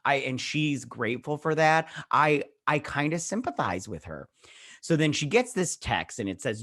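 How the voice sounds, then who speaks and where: A man's voice: medium pitch, very animated, normal speed, a bit bright, no room sound. A man hosts a casual TV review vlog and rambles through the plot with frequent restarts. He slips into the characters' lines as he retells each scene. His mid-range voice sounds close and dry. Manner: rambling recap, often acting out characters' lines; frequent restarts and "he's all like". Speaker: show host reviewing a TV episode.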